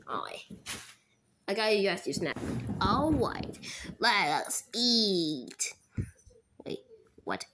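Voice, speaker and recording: Lady doing every voice in a silly plush toy skit, squealy and all over the place, slow talker. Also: mid-range voice, very animated, a bit bright, a little hiss or hum. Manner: goofy, squealing, switching between silly character voices. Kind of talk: playful toy skit voicing.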